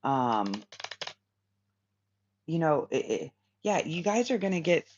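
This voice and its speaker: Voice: mid-range voice, sing-song, slow. Rambling tarot reader, slightly muffled sound. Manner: rambling, repeats phrases, many fillers. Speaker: tarot reader, channel host. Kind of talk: casual spiritual reading to viewers. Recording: slightly dull lo-fi sound with faint hiss.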